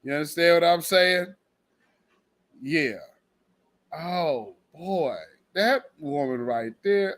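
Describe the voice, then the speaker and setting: A man hosting casual commentary, talking in a blunt, animated, profane way. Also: on the high side, slow, pauses often. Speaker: host.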